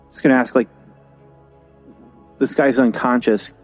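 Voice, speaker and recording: A man's voice: mid-range voice, darkish tone. A man playing as a guest in a tabletop game, asking questions in a hesitant, casual way. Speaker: guest player.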